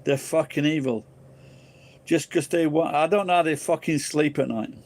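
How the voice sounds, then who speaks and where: A man's voice: on the high side, normal speed, a little mellow. A man hosting a casual live stream, ranting profanely and rambling into crude jokes.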